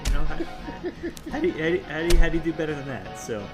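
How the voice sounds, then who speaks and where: A man's voice: fairly high pitch, huge pitch swings, a little fast, over music. A man co-hosting a podcast in casual chat, blunt and profane as he chimes in. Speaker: podcast co-host.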